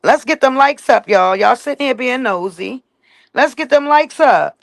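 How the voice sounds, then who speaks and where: On a relaxed live stream, a mother addresses her viewers in a high-pitched, expressive voice with some vocal fry, speaking at a normal speed with no room sound. Blunt and emphatic, she keeps capping her points with "facts" and "period."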